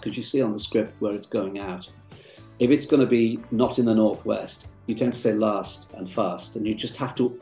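A Liverpool-accented voiceover artist talks in a relaxed, rambling way, full of little fillers. His voice is dark and gravelly. The recording has a roomy echo and faint music underneath. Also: lowish voice. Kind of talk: casual interview talk.

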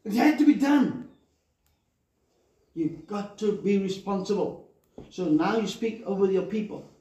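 A man's voice: sits high, lively intonation, unhurried, warm tone. A man preaching a sermon emphatically, calling on the congregation for amens. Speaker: pastor. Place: church hall. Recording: echoey hall from far off.

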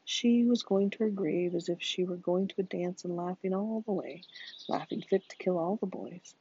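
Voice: medium pitch, normal speed, a little mellow, slight background noise. A narrator reading a novel aloud in a dramatic way, often dropping into whispers, in a dull lo-fi recording. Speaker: audiobook narrator.

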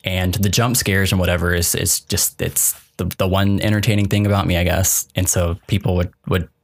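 A man's voice: deep voice, level tone, fairly quick, vocal fry. A young man co-hosting a podcast in casual chat, laughing often and rambling with restarts. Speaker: podcast co-host.

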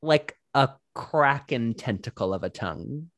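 A young man spins a story on a casual podcast, swooping up and down in pitch and breaking into giggles as he goes. His voice sits in a middling register, and the sound is close and dry with no room around it. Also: measured pace, no room sound. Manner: animated, giggly storytelling with many fillers. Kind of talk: casual chat.

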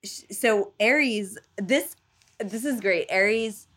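A woman telling a story in casual chat, animated, full of fillers and casual swearing, acting out voices for the people in it. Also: mid-range voice, drawn-out words. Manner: animated storyteller, acts out quoted gods in playful voices.

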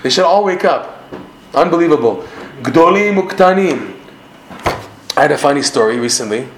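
A man with a Canadian accent teaching a Torah class in an animated way, quoting Hebrew lines and then translating them. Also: mid-range voice, echoey room, a little hiss or hum.

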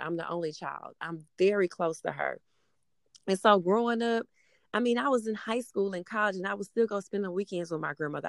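A woman's voice: mid-range voice, vocal fry, dry recording. Woman, thirties, mother, casual talk, rambling, fillers, dry close sound. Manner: rambling, many "you know" fillers. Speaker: mother of a middle-school daughter. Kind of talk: casual conversation.

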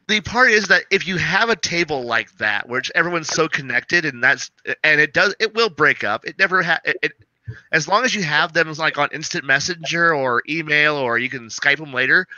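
A man co-hosting a casual chat about running tabletop games, talking in an animated way, swearing and acting out what players say. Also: a little high, no room sound. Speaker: game master, podcast co-host. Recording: dull, lo-fi and dry.

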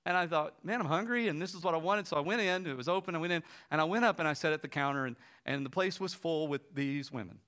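A man preaching, retelling an anecdote with quoted dialogue and ending with a quiet, soft appeal. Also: a little high, fast talker, few pauses, clear, resonant tone. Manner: retells a story with lively quoted voices, quiet and soft at the close. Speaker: pastor. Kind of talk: sermon storytelling.

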